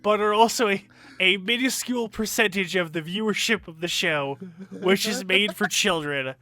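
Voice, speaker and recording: A man's voice: high voice, normal speed, bright, forceful tone, dry recording. A tipsy man putting on a bad mock New Zealand accent to parody a smug male filmmaker reading a tweet, stumbling over words. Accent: mock New Zealand accent, put on badly. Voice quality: stumbling, mocking parody delivery. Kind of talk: comedic impression on a podcast.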